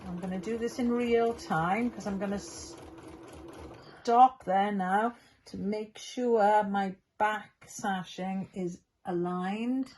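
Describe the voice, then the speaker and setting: A woman's voice: medium pitch, fairly even intonation, slow pace, darkish tone, slight background noise. A middle-aged woman giving a patient, step-by-step sewing demonstration as a quilting teacher. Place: sewing room at a machine.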